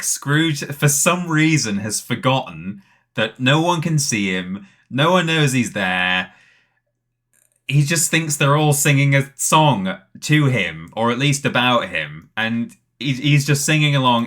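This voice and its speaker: Male watchalong host, amused and chatty; bright tone, unhurried. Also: medium pitch. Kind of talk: casual watchalong commentary.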